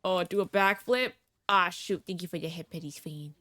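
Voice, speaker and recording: A young woman livestreams a game, chatting bubbly with her viewers and reacting out loud to the gameplay. Her voice is lowish, bright, and forceful at a normal speed, with no room sound on the recording.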